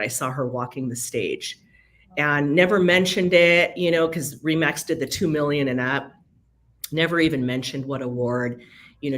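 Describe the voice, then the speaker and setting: A woman co-hosting a casual business chat, telling stories with lively quoted voices. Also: deep voice. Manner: chatty storyteller, animated quoting. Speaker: co-host of a real estate broker talk.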